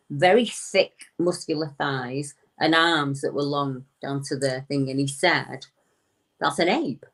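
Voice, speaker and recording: A woman from the United Kingdom, a guest recounting a witness's encounter in conversational storytelling, acting out the quoted words of the people in her tale. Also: sits low.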